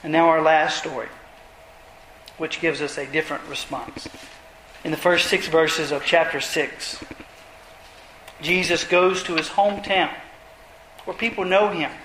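A man's voice: on the high side, fairly even intonation, unhurried, pauses often, fairly bright tone, a little hiss or hum. A man preaching an expository sermon, retelling scripture passages earnestly and pressing his points with emphasis. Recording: roomy echo.

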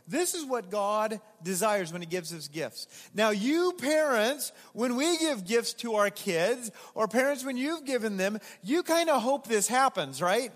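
High-voiced pastor preaching in a hall. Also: male voice, a little slow, hardly any pauses. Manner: animated, emphatic, asks congregation to respond. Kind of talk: sermon. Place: church sanctuary.

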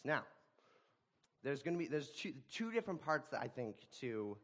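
A man giving a sermon, talking in a halting way with frequent repeated words and restarts. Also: mid-range voice, very animated, fairly bright tone. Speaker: preacher.

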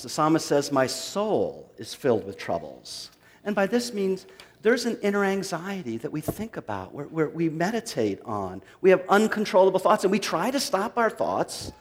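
A man preaching a sermon, reading a psalm dramatically and swinging from loud to hushed. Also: high-pitched, big pitch swings, moderate pace, big-room sound. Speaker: pastor.

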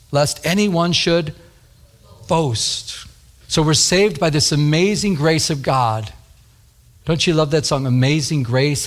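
A man preaching with a somewhat high voice, chatting with his congregation rather than orating. He repeats key words for emphasis and slows down when he reads scripture. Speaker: pastor. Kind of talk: sermon, Bible study.

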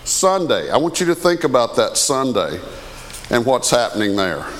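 A man's voice: medium pitch, very animated, moderate pace. A man, preaching a conversational sermon as a pastor and often asking the congregation questions. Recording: long hall reverb.

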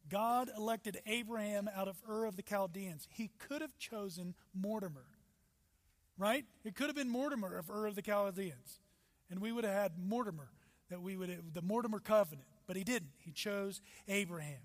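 A man preaching a sermon as pastor, with emphatic rises and sudden soft drops. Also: high voice, normal speed. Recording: long hall reverb.

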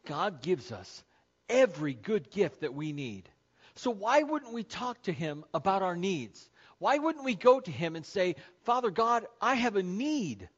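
A pastor with a notably high voice preaches a sermon, driving his points home by repeating key phrases and slowing right down on the words he wants to land. The recording sounds dull and muffled, like lo-fi sermon audio. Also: very animated, slightly rough. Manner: emphatic, repeats key phrases, slows for stress.

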